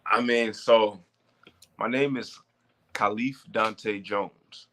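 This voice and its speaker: A man in his twenties with a fairly low voice talks casually as an interview guest. He is animated and leans hard on certain words to make his point. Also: slow pace, slight background noise. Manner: animated, stressing words for emphasis. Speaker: professional wrestler guest.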